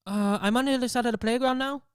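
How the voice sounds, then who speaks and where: A man's voice: extremely high pitch, fairly even intonation, clear, resonant tone, no echo, studio quality, voice pushed up. A man voicing a hesitant, lost woman delivery driver who stumbles over ums and uhs. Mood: flustered, unsure. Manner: halting, full of ums and uhs.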